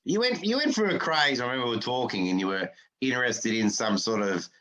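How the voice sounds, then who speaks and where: A man's voice: medium pitch, expressive, fast talker, bright, forceful tone. A man hosting a podcast, teasing his guest in a dry, casual way. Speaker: podcast host.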